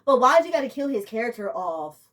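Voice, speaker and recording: Young woman, exasperated, rambling, slightly high pitch, casual vlog. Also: big pitch swings, brisk, fairly bright tone. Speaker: TV show reviewer.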